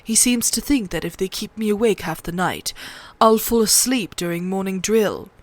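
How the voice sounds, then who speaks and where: A woman reading aloud, voicing an earnest, somber young man who keeps watch on a frozen wall, in a quiet, low-key way. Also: normal speed, lightly acted. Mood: wry. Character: earnest, somber young male sworn brother.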